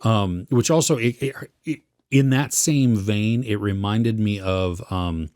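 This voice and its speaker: A man's voice: lowish voice, measured pace, a little mellow, no room sound, clean studio sound. A man co-hosting a podcast, chatting casually about a series he watched and searching for his words as he goes. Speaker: podcast co-host. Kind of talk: casual film review chat.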